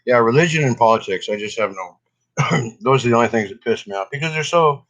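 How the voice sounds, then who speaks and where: A man in a casual smoking vlog, stoned and coughing between his sentences. He rambles in a laid-back way, swearing freely, with a medium pitch. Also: animated, a little fast, a bit bright, lo-fi sound. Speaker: cannabis vlogger. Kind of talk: casual smoking session chat.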